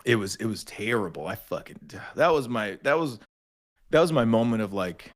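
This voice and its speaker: Casting: young adult man, low-ish voice, profane animated storyteller, casual podcast guest. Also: moderate pace. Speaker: podcast guest, army veteran.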